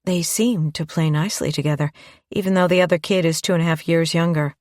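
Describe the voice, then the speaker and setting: A woman voicing a stern, anxious mother with a sharp, scolding manner in an audiobook. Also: low voice, fairly even intonation, a little fast, no room sound, studio quality, lightly acted. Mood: worried.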